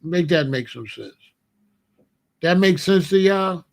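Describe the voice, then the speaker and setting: A man's voice: high-pitched, expressive, takes it slowly, vocal fry. A man hosting his own show, delivering a casual comedic monologue full of rhetorical questions and chuckling asides. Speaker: host.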